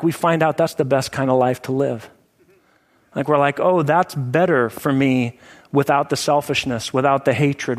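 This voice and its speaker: A middle-aged pastor delivers a sermon in a relaxed, talky style, with a voice sitting a little higher than most men's. He speaks to the congregation as if chatting, tossing in asides and checking in with his listeners. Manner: conversational preaching with frequent "like" and "right?".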